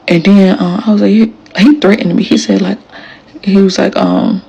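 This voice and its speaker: A woman's voice: medium pitch, steady tone, a little fast, creaky, warm tone, lo-fi sound, slight background noise. A woman, telling the story of her marriage in casual, emphatic storytelling to camera, acting out quoted lines.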